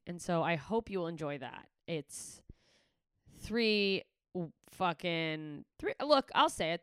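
A woman's voice: low-pitched, sharp tone, clean tone, dry recording, clean studio sound. A woman comedian signing off her podcast in a candid, rambling way, swearing freely as she chats. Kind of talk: casual podcast sign-off chat.

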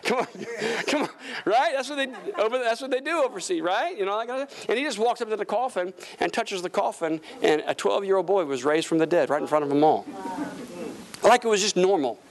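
A pastor preaching a lively, folksy sermon in a church service, with humorous asides and call-and-response with the congregation. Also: male voice, high-pitched, brisk.

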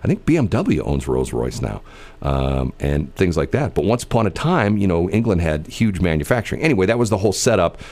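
A man's voice: sits low, very animated, fairly quick, darkish tone. A middle-aged man from the American Midwest chatting casually, rambling through stories with many fillers and restarts.

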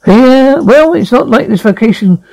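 A man voicing a wisecracking cartoon male rabbit with quick, wry quips. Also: very high voice, lively intonation, gravelly, a little mellow, full character voice, low-quality recording. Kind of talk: cartoon voice acting.

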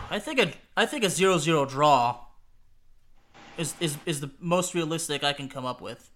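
A man's voice: a little high, expressive, normal speed, a bit bright. A man co-hosting a casual football prediction chat, hesitant and repeating words, laughing often. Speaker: podcast co-host.

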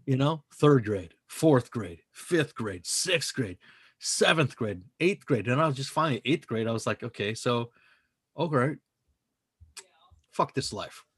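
A man's voice: mid-range voice, lively intonation, unhurried, fairly bright tone, breathy edge, no room sound, clean studio sound. A man co-hosting a podcast, talking in a casual, profane, emphatic way that rambles from point to point. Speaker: podcast co-host.

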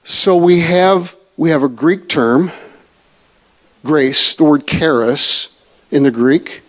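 A man's voice: a little high, takes it slowly. A man teaching a church Bible study in a conversational way, asking the audience questions.

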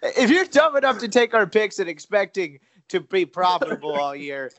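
A man's voice: high-pitched, very animated, normal speed, a crowd in the background. A man co-hosting a sports betting podcast in casual, self-deprecating, rambling chat. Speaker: podcast co-host.

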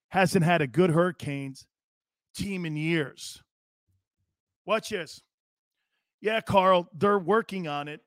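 Guy with a high-ish voice ranting on a football show, sarcastic and blunt, swears, dry sound. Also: a bit bright, no echo. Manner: blunt, sarcastic, mocking coach-speak; swears casually. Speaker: sports talk show host. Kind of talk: live sports talk monologue.

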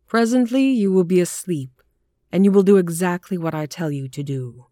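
A woman voicing a gaunt, sinister male stage hypnotist who speaks in a slow, sonorous, commanding voice with cool contempt. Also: fairly low pitch, warm tone, no room sound, studio quality, lightly acted. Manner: measured and commanding, mocking.

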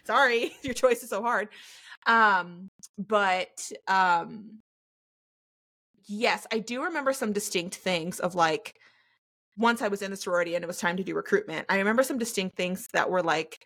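A young adult woman hosting a podcast in casual chat, telling stories with lively acted-out quotes and frequent laughter. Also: mid-range voice, moderate pace. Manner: animated storyteller acting out quotes, laughs often. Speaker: podcast host.

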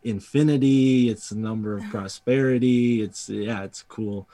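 A man from Connecticut, a podcast guest chatting casually in a rambling, laid-back way that trails off softly. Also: lowish voice, unhurried, no room sound. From Connecticut, USA.

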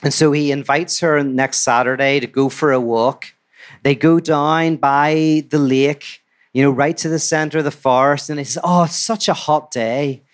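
A man telling a fairy tale to a live audience in a relaxed, conversational way with asides. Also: fairly high pitch, normal speed. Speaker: storyteller. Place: live talk before an audience.

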